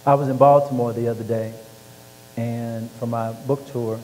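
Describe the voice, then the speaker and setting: A man recounts his life onstage and slips into the voices of the people in his stories. His tone is warm and mellow. The sound rings in a large reverberant hall over a faint hum. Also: medium pitch, normal speed. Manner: animated storyteller acting out quoted voices. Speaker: author and former football player. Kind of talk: storytelling interview.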